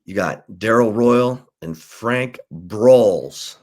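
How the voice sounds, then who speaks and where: A man, a sports insider, casually telling the history of a college football rivalry in an unhurried storytelling way. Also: lowish voice, expressive, a little mellow.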